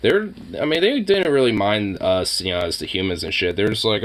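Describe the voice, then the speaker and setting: A young man with a lively, bouncy voice, chatting in a laid-back, rambling way. He often slips into high, cooing baby talk for his dog. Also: a little fast, hardly any pauses. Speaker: vlogger. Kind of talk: casual chat.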